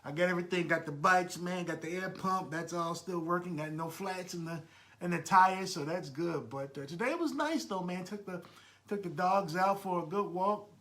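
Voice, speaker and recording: A podcast host talks to his live listeners in a loose, friendly way and greets them by name as they join. His voice sits high and sounds bright and forward. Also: normal speed. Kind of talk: casual live podcast chat.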